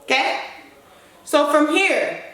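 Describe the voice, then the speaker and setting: A woman dance instructor teaching stepping, counting the moves aloud in a brisk, rhythmic way. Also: high voice, expressive, recorded from a distance, very noisy. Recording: echoey room, voice off-mic, loud stomping and claps.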